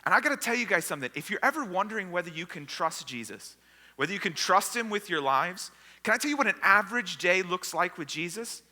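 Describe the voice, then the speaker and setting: High bright-voiced preacher in a hall. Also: male voice, animated, quick pace. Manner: storytelling, acting out the disciples and crowd. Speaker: pastor. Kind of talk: sermon. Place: church sanctuary. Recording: long hall reverb.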